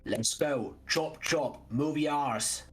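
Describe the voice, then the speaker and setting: A man's voice: on the high side, slow, slight background noise. A man voicing a brusque, streetwise male vampire driver who barks curt orders. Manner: curt orders, rough slang.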